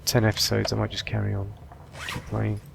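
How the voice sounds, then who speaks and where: Gravelly low-voiced man thinking aloud. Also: completely flat delivery, a little fast, a bit bright, a little hiss or hum. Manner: thinks aloud while managing supplies. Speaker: gameplay commentator. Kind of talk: relaxed let's-play commentary.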